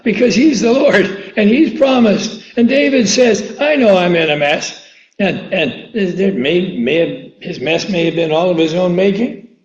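A man with a high voice preaches a sermon at a slow, deliberate pace. He draws out each quoted verse with emphasis and keeps questioning his listeners. The sound is roomy and a little dull.

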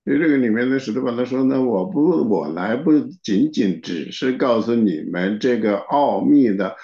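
A man's voice: medium pitch, animated, normal speed, mellow. A man interpreting a sermon, talking steadily with frequent filler particles. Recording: dull, echoey room recording.

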